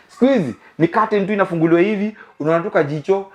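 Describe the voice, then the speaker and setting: A man's voice: high voice, very animated, fast, lo-fi sound. A young Kenyan man hosting a comic monologue, mixing English and Swahili slang and laughing often. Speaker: host. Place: living room of a new house.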